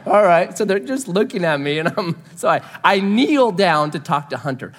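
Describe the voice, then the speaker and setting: Pastor guy telling a funny family story in a sermon, lively voice, a bit high. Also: normal speed, few pauses, big-room sound. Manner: animated, self-deprecating storytelling.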